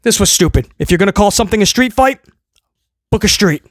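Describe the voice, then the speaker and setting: A man's voice: high voice, expressive, fast, no echo, clean studio sound. A man hosting a casual video review, ranting in a sarcastic, exasperated way and rambling with many restarts. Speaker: wrestling show reviewer, host.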